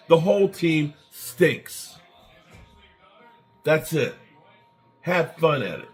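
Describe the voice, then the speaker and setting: A man's voice: fairly high pitch, big pitch swings, extremely slow, long pauses, faint music behind. A man hosting a fan channel, delivering an angry, repetitive rant with swearing.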